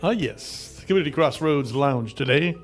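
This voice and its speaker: A man's voice: mid-range voice, animated, normal speed, over music. A man hosting a casual radio interview, rambling and joking with his guest. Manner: jokey, rambling, laughs often. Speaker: radio host.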